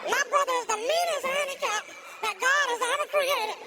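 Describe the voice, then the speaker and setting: A stand-up comedian telling a story loudly and animatedly, laughing often, in a distant, noisy recording. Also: very high-pitched, brisk.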